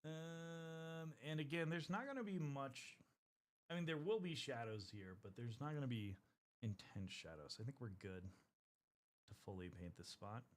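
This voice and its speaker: While painting miniatures on stream, a man chats casually with viewers, rambling and swearing often. His voice is medium in pitch and his pace measured.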